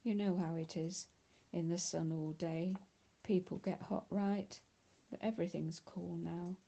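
A woman reading the part of a glib, smooth-talking teenage boy who leads a group, in an audiobook. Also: on the low side, steady tone, unhurried, dark tone. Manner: glib, persuasive.

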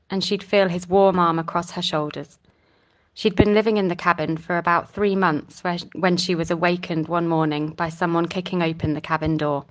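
A woman narrating a novel chapter in a steady, measured reading. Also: lowish voice. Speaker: audiobook narrator. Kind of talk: scripted narration.

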